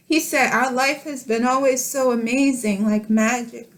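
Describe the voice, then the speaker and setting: A middle-aged woman speaking to camera in a tender, emotional personal vlog, laughing softly through tears as she talks. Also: fairly high pitch, fairly even intonation, a little slow. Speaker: vlogger.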